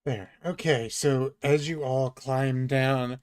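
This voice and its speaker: A man narrating as game master in a tabletop role-playing game, measured and hesitant. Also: mid-range voice, fairly even intonation.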